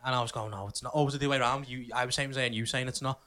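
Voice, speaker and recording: A man co-hosting a casual podcast, teasing his friends and quick to crack jokes. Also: mid-range voice, little pitch movement, sharp tone. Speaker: podcast co-host.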